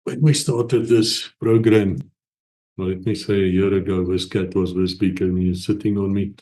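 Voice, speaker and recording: Low, mellow-voiced man chatting. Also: normal speed. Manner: rambling, relaxed, with hesitant fillers. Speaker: channel host. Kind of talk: casual chat to camera. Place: at home with a pet cat.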